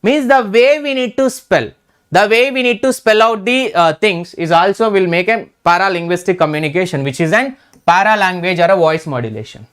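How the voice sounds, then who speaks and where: A man's voice: sits high, brisk, fairly bright tone, clear, resonant tone. A man teaching an exam revision lecture in Indian English, repeating key terms and checking in with "right?".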